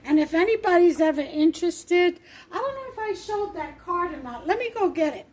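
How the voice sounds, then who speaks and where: A woman's voice: very high-pitched, animated, fairly quick, darkish tone. A woman hosting a home cooking vlog, chatting casually in her kitchen, rambling and laughing often.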